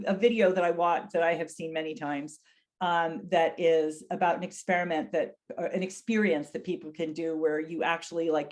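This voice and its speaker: A middle-aged woman with a somewhat low voice teaches a webinar on caring for people with dementia. She speaks earnestly and unhurriedly, and her voice lifts when she acts out the phrases a caregiver might say. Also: darkish tone. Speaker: dementia care educator. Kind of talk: educational webinar talk.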